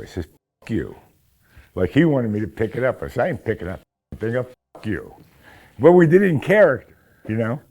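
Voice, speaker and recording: A man's voice: low-pitched, a little mellow. A man, a stage actor, casually recounting an anecdote, rambling with restarts. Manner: rambling storyteller with many restarts. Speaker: actor recalling an audition.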